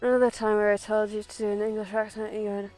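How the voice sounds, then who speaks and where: A woman's voice: mid-range voice, level tone, quick pace, warm tone, soft background music. A young woman streaming a video game from home on a headset mic, chatting casually and swearing freely as she plays. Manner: swears freely, talks to herself while playing. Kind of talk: casual gaming stream chat. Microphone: headphones with mic.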